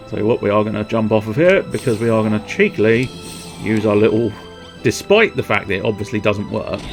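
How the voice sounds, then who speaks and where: A man chatting to himself while streaming a video game, in rambling, quiet, self-amused asides. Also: fairly low pitch. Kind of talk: casual game commentary.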